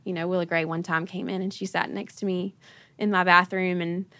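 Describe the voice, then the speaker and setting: A woman's voice: fairly low pitch, little pitch movement, brisk, sharp tone, dry recording. A woman, hosting a podcast and telling stories, laughing often and acting out her children's voices. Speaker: podcast host. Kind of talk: casual conversational storytelling.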